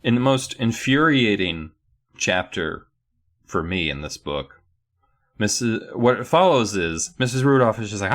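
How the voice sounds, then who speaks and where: Man, podcast co-host, lively up-and-down voice, exasperated commentary. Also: on the low side, a little slow. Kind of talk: casual chat, recapping a book.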